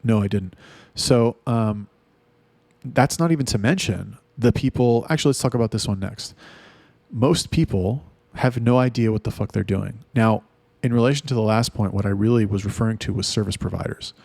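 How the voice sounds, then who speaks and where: Blunt, profane man with a gravelly voice. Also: fairly low pitch, normal speed, a little mellow, dry recording. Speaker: talk host. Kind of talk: casual ranting monologue.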